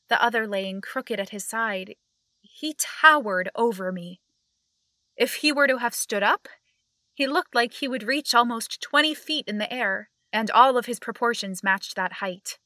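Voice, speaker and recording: Bright-voiced young woman narrating a drama. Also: a little high, a little slow, no room sound. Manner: hesitant, nervous, apologetic. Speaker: narrator and lead character. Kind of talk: audio drama acting and first-person narration.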